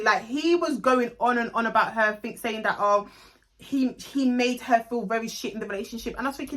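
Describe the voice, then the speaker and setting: Bright-voiced blunt London woman vlogging. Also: on the high side, brisk. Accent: London English. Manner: blunt, profane and animated. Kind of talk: casual storytime.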